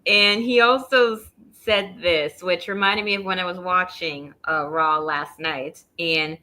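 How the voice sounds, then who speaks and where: A woman's voice: fairly low pitch, unhurried, sharp tone. A woman co-hosting a wrestling review show, chatting casually with brief supportive interjections. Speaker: wrestling review podcast co-host. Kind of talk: casual chat.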